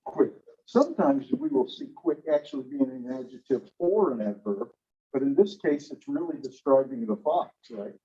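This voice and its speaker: A man's voice: medium pitch, big pitch swings, normal speed, warm tone, breathy edge, highs cut off. A man teaching a grammar class, patiently calling on students by name and explaining parts of speech.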